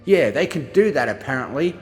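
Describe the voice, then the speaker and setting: A man narrating a first-person journal as an audiobook, reading expressively and shifting between gruff and frightened delivery. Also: fairly high pitch, expressive, a little fast, big-room sound, soft background music. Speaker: audiobook reader.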